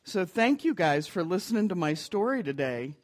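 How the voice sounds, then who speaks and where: Slow, gentle minister leading a service. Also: mid-range voice, sing-song. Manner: slow, gentle storytelling to children. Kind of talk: sermon and worship service.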